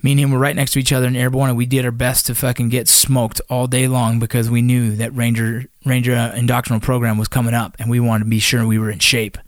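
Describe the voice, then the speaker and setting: A man's voice: mid-range voice, flat delivery, fast, few pauses, no echo, clean studio sound. A man who is a former Army Ranger, telling a personal story in a casual, blunt way, full of swearing and fillers. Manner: blunt and profane, with many fillers.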